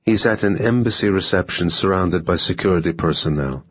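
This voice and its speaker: A man voicing a calm, contemptuous male operative. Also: low voice, fairly quick, slightly rough, no room sound, lo-fi sound.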